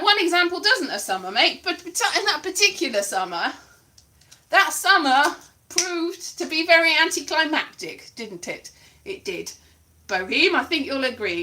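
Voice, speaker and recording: Chatty, lively high-pitched woman. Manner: chatty, digressive, self-mocking, many restarts and asides. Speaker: solo show performer. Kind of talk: rambling casual monologue. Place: her bedroom at home.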